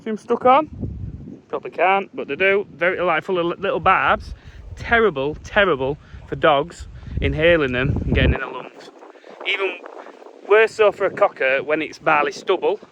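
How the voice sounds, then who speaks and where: A man's voice: on the high side, lively intonation, moderate pace, a bit bright, dull audio, slight background noise. A young man, a farmer, chatting casually while walking his fields and calling to his dog. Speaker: farmer vlogger. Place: outdoors in windy farm fields.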